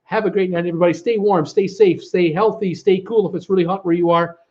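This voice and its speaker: A man's voice: high voice, fairly even intonation, quick pace, a little mellow, muffled recording. A man hosting a live stream, rambling casually through his thank-yous and goodbyes, his voice tiring. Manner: chatty, rambling, full of uh fillers and thank-yous.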